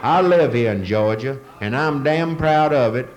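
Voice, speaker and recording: A man doing a loud drawling Southern local. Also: muffled recording, natural voice. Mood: boastful. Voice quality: slow, loud, drawling, high voice. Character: proud drawling Georgia local man, blustery. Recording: live audience crowd noise.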